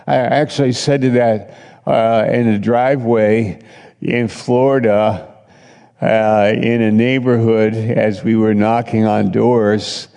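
A man's voice: lowish voice, little pitch movement, takes it slowly, gravelly, warm tone, big-room sound. A middle-aged man preaching a sermon, telling stories in a conversational way and acting out other people's lines. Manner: conversational storytelling preacher, voices others in quotes. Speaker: pastor.

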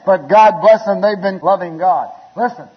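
A man preaching a sermon in a church, telling wedding stories with chuckles and building to shouted appeals. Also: high-pitched, moderate pace, breathy edge. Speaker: pastor. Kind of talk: storytelling sermon. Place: church sanctuary. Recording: lo-fi recording with long hall reverb.

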